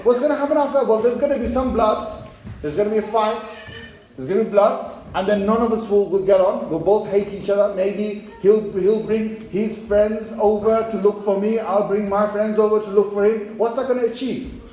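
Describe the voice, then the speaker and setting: A man's voice: high-pitched, steady tone, moderate pace, mellow. A man preaching a sermon, telling a story and acting out the voices of the people in it, speaking straight to young men in the audience. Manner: storytelling, acts out quoted voices, addresses young men directly. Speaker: Islamic preacher. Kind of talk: sermon with anecdote. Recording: very echoey hall with faint noise.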